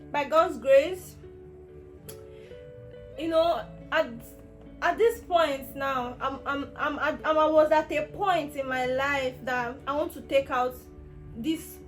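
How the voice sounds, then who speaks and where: A young Nigerian woman vlogger telling a personal health story in an emotional, rambling way, full of restarts. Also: sits high. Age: young adult.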